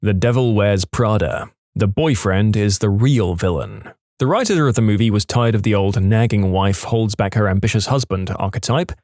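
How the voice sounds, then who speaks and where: A male narrator reads reader-submitted stories in a wry, scripted delivery. His pitch moves up and down a lot as he tells them. The recording is close and dry, with no room sound. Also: lively intonation, moderate pace, a little mellow, no echo. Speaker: story narrator.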